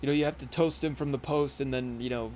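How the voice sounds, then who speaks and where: A man doing a quiet, low impression of a famous basketball big man answering as a chatbot. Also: fairly even intonation, quick pace, natural voice. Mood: laid-back. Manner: quieter, lower, laid-back mumble.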